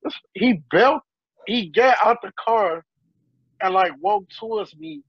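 A man in a casual group discussion, telling a heated story with animated reenactment of what was said. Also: high-pitched, slow, creaky, breathy edge, dry recording, lo-fi sound. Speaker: panel guest.

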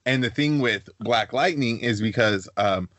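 Young dude on a podcast rambling earnestly, dry close sound. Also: male voice, mid-range voice, unhurried, fairly bright tone, no echo. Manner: rambling, lots of "like" fillers, earnest. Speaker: podcast co-host. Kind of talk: casual chat.

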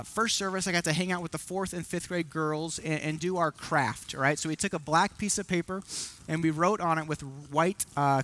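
A man's voice: on the high side, fairly bright tone. A man preaching a sermon from a church stage, earnest and emotional, with self-deprecating asides to the congregation.

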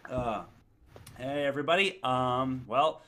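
A man's voice: mid-range voice, measured pace, sharp tone. A man co-hosting a casual live stream, joking and hesitant. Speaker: co-host.

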